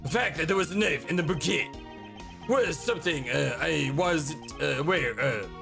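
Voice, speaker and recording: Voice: mid-range voice, moderate pace, gravelly, over music, close to an everyday voice. A game streamer voicing an arrogant foreign male ambassador with a put-on foreign accent, dismissive and haughty.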